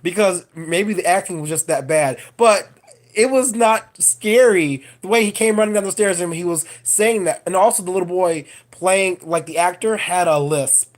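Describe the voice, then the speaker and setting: Animated woman ranting about a film. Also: on the low side, moderate pace. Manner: animated, profane, digressive. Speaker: vlogger reviewing a film. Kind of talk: casual film review rant.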